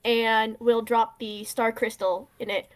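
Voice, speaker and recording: A woman talks casually as a player in a tabletop role-play game. She hesitates and leans on fillers while she works out her moves. Her voice sits a bit high. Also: little pitch movement, a little slow.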